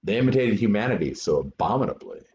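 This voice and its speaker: A man reading a play aloud as Hamlet, an earnest young prince lecturing actors, with animated, deliberate verse delivery. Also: fairly low pitch. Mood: instructing. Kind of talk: amateur dramatic reading. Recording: dull lo-fi recording.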